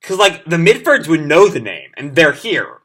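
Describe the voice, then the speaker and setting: A chatty man reads a comic out loud and reacts live, filling his talk with "like" and "uh". His voice is fairly high and very bright, and it moves around a lot in pitch. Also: sing-song, moderate pace, slightly rough. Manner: chatty, many fillers, reads the lines aloud. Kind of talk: casual live reading and reaction.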